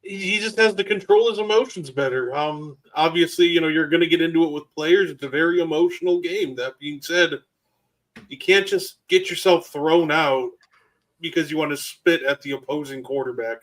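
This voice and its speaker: A man on a sports podcast giving a measured, earnest opinion. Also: fairly high pitch, a bit bright, poor audio. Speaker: podcast panelist. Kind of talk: casual sports talk.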